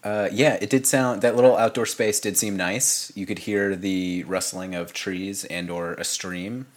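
A man's voice: sits low, steady tone, a little slow. A man co-hosting a podcast in casual chat, making dry, wry remarks. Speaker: podcast co-host.

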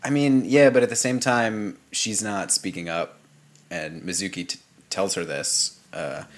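A man with a very deep, low voice co-hosts a casual chat podcast. He talks in an easygoing way and drops dry, wry remarks. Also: steady tone, a little slow. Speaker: podcast co-host.

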